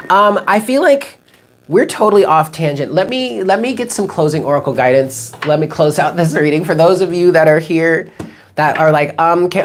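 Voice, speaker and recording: A low-pitched woman in her thirties chats loosely to a live-stream audience as a tarot reader. She rambles from one tangent to the next, swears with ease and reacts to viewers' comments in a relaxed, talkative way. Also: slight background noise. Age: 30s. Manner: rambling, chatty, swears casually, reads out chat comments. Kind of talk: casual live-stream chat.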